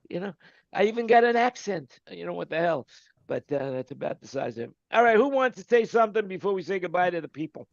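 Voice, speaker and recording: A man hosting a casual online panel chat. He talks in a jokey, rambling way and trails off quietly at the ends of his lines. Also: sits high, very animated, a little fast, vocal fry, no room sound. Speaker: host. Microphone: video call. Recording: dull dry call audio.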